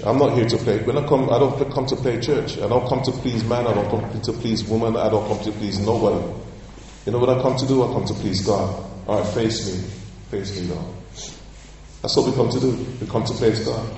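Pastor guy preaching, kinda low voice, repeats stuff slow for emphasis, calls for amens, super echoey church from far off. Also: warm tone, a little hiss or hum. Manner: emphatic, repeats key phrases slowly, calls for responses. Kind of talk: preaching a sermon. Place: church sanctuary. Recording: echoey church hall, voice from afar.

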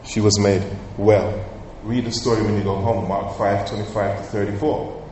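A male pastor preaching a sermon with emphatic, sometimes loud outbursts. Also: on the low side, level tone, moderate pace, slight background noise. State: coughing, slightly hoarse. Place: large church hall. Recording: echoey hall, heard from far off.

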